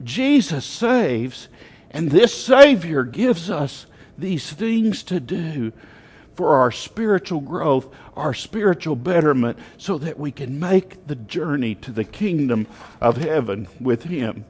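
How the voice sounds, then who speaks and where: A man preaching a sermon to his congregation, telling a story with emphatic, animated rises in his voice. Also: fairly high pitch, slow pace, husky, in a large hall.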